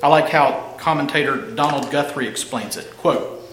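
Bright-voiced man preaching in an echoey room. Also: fairly high pitch. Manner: emphatic, stretches key phrases slowly. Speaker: pastor. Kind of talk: expository sermon. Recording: echoey room with faint ambience.

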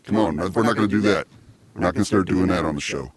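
A man's voice: sits low, fast talker. A man hosting a casual comedy podcast, chatty and rambling. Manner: chatty, laughs easily, rambling. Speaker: podcast host.

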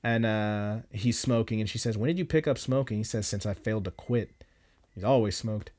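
A man's voice: fairly low pitch, normal speed, darkish tone. A man on a podcast casually retelling an anime episode, loose and profane, with lots of fillers. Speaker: podcast host.

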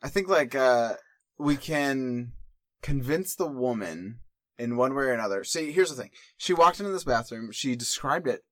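A man co-hosting a casual comedy podcast, telling a story with lively acted-out bits and frequent laughter. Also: mid-range voice, normal speed, no room sound, clean studio sound. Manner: animated storyteller, acts out scenes. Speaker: podcast co-host.

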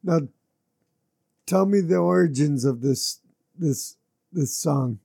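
A man's voice: fairly high pitch, slow, vocal fry, mellow, breathy edge. A man hosting a casual interview, asking easygoing questions. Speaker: host.

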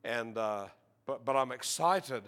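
An Australian man preaching a sermon, joking with the congregation and crying out praises, reading scripture slowly and with emphasis. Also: medium pitch, animated, fairly bright tone. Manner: jokey, peppered with exclamations of praise. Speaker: visiting preacher.

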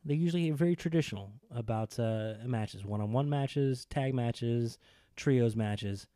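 A man co-hosting a podcast, chatting casually and enthusiastically about wrestling, rambling and getting animated. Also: medium pitch, a little slow, no echo, studio quality. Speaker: podcast co-host.

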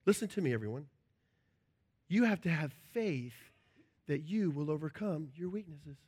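A middle-aged man preaching a sermon as a pastor, animated and playful, acting out little scenes with shouts and joking voices. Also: a little high, moderate pace, husky.

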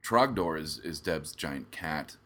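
A man's voice: very deep voice, animated, slow pace, fairly bright tone, slight background noise. A man co-hosting a podcast in casual banter, joking and rambling with many fillers and restarts, close to a studio mic. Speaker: podcast co-host. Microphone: studio microphone close up.

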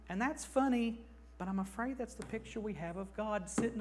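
Male pastor, high voice, emphatic sermon in a church, animated and punchy. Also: moderate pace.

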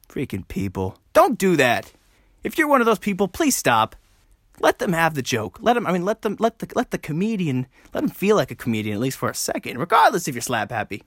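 Fast-talking man rambling on a podcast. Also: big pitch swings, a bit bright, dry recording, studio quality. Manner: rambling, self-mocking, fast with sudden high jumps. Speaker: podcast host. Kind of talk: casual solo podcast chat.

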